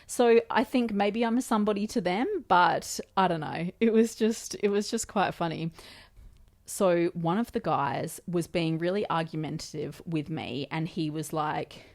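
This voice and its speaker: A woman's voice: lowish voice, a little slow, gravelly, a little mellow. A woman in her thirties with an Australian accent, chatting casually and telling a story to the camera with lots of fillers. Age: 30s. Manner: chatty, lots of fillers, quoting others in conversation. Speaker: vlogger.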